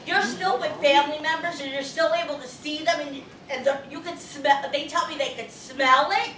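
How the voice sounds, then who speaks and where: A loud woman medium rambles through stories for a live crowd, cursing freely in a high, bright voice. She sounds distant from the mic in an echoey room with a faint hiss behind her. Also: normal speed. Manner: loud, profane, rambling storyteller. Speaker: psychic medium. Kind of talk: live audience Q&A talk.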